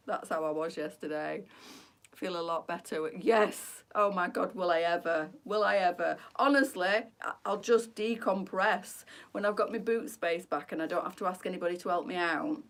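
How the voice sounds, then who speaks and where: A woman's voice: mid-range voice, normal speed. A middle-aged woman, chatting casually through a live boutique sale, rambling and laughing often. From England. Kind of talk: chatty live-stream sales talk.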